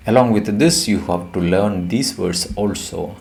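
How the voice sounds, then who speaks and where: A male teacher, explaining a poem to his class. He talks slowly and deliberately in a lowish voice, repeating and stressing the key words so students catch them. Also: vocal fry, a little mellow. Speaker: English teacher.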